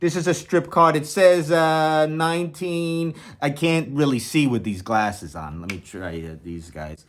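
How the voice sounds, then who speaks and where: Slow-talking sarcastic comedy host man. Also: fairly high pitch. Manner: sarcastic, rambling, mock-enthusiastic. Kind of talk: deadpan comedy sketch.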